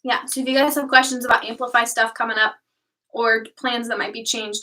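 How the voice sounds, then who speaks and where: Bright young woman, a bit off-mic. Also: fairly high pitch, steady tone, a little fast, distant mic, low-quality recording. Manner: upbeat, chatty with many ums. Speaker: youth ministry co-host. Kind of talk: casual livestream chat.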